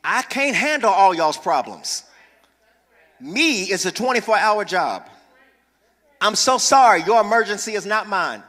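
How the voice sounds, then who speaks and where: Pastor, male, high bright voice, playful preaching, long church-hall reverb. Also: a little slow, long pauses. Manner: lively preaching with humor, calls for congregation responses. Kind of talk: sermon. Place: church sanctuary.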